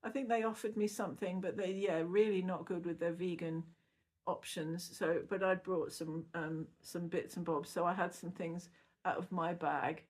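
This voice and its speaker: Middle-aged woman, vlogger post-surgery; casual, meandering, quick to laugh. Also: on the low side, fairly even intonation, a little mellow, slightly rough. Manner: rambling, chatty, laughs often. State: recovering from surgery. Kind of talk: casual recovery vlog.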